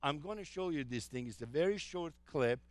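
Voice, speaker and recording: A man's voice: on the high side, animated, fairly quick, no room sound. A man giving an enthusiastic travel talk to a live audience, telling anecdotes with frequent fillers. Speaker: travel presenter.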